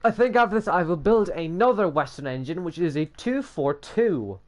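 A man's voice: high-pitched, expressive, normal speed. A young man giving casual gameplay commentary while building, sweary and sarcastic, often muttering to himself. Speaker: gamer building in a block game.

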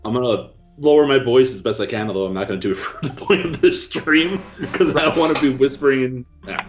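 A man's voice: mid-range voice, brisk, faint music behind. A man playing a character in a tabletop game, talking casually with laughs and restarts. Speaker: player. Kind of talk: tabletop role-play. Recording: dull lo-fi stream mic.

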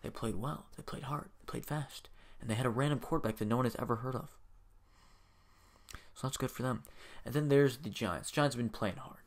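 A young man hosting his own video, making casual sports predictions with hyped, energetic bursts. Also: medium pitch, a little fast. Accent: says he has a strange accent. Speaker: video host.

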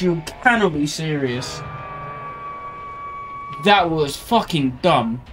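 A man streaming gameplay commentary, ranting in frustration with loud swearing outbursts, game music behind him. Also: a little high, expressive, slow pace. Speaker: gaming streamer.

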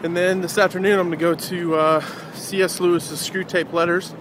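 A man with a slightly raised voice talks straight to a handheld camera as he walks city streets, chatty and full of ums. Steady traffic and street noise sit clearly behind him. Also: sits high, moderate pace. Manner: chatty, hesitant with many ums. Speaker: vlogger. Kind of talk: casual daily vlog.

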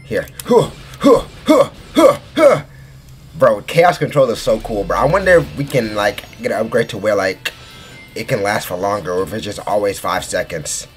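A man in his twenties giving excitable let's play commentary, shrieking in delight and saying bro constantly. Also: lowish voice, fairly quick, soft background music. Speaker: gaming YouTuber.

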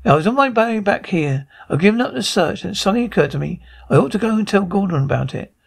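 A man reading as a brisk army officer. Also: high-pitched, expressive, creaky, husky, heavily acted. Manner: brisk, restarting mid-word.

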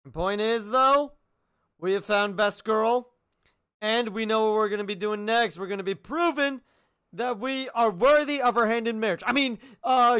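A goofy male game streamer with a high voice that leaps up and down all over the place. He banters with the characters on screen, repeats lines for comic effect and keeps up a joking running commentary. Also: expressive, moderate pace, fairly bright tone, clear, resonant tone. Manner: playful, jokey, talks back at the game characters. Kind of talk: live gaming stream commentary.

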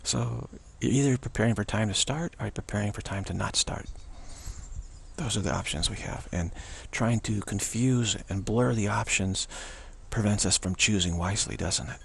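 A man's voice: fairly low pitch, normal speed, creaky, a bit bright, slight background noise. A man giving an unscripted spiritual teaching outdoors, rambling and repetitive, often restarting his sentences.

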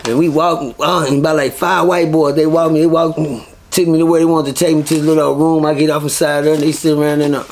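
A man, a guest in an interview, telling stories in a casual, profane and animated way. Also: fairly high pitch, fast talker, few pauses. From Texas. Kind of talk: casual storytelling.

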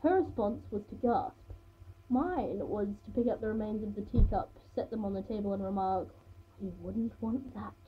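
A woman's voice: mid-range voice, normal speed, slight background noise. A woman reading her own first-person story aloud in a plain, unpolished way, sometimes restarting a phrase. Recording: tinny phone-like sound.

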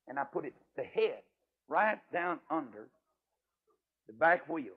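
An older man, an evangelist preacher, telling a folksy, emphatic story in a sermon, his voice swinging from loud to hushed. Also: on the high side, sing-song, measured pace, husky. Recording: tinny radio broadcast audio.

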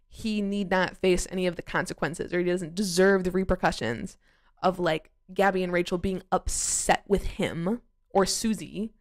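A woman's voice: lowish voice, vocal fry. A woman casually recapping a reality dating show, talking in a chatty, opinionated way, full of "like" and freely swearing.

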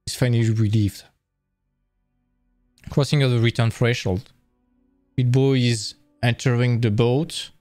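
A man's voice: mid-range voice, steady tone, unhurried, pauses often, darkish tone, no room sound, clean studio sound, soft background music. A man presenting a live-streamed lecture, explaining in a casual, enthusiastic way with frequent restarts.

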